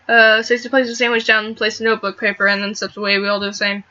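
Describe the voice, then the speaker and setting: A young woman reading a visual novel aloud and reacting to it, animated and quick to laugh. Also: mid-range voice, muffled recording. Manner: animated, laughs and swears at the game. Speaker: let's play gamer.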